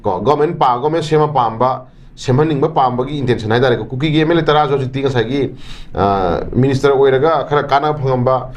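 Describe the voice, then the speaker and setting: A man from Manipur, a political activist, talking through political analysis in an interview, fast and emphatic. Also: mid-range voice. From Manipur, India.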